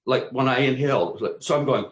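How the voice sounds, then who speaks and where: Man, animated storyteller, acts out his exclamations, casual swearing, echoey room. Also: mid-range voice, fast. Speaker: co-host.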